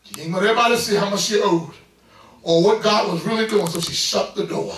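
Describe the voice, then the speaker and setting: A middle-aged man preaches a sermon in a high, bright voice that builds into loud bursts as he calls out to his congregation. He is caught from across the sanctuary, with a heavy ring of the church room around every word. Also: fast, a little hiss or hum. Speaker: pastor. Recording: echoey church from far off.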